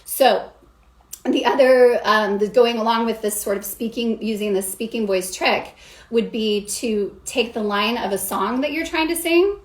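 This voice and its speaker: A woman's voice: fairly high pitch, unhurried. A woman vocal coach explaining singing technique in an upbeat way, stopping to demonstrate sounds as she goes. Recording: echoey room.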